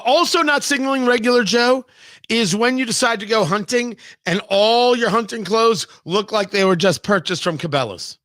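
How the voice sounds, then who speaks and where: High, bright-voiced sarcastic male talk host. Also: no room sound, studio quality. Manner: sarcastic, mocking, emphatic. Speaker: radio talk show host. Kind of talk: opinion commentary monologue. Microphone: studio microphone, live-streamed show.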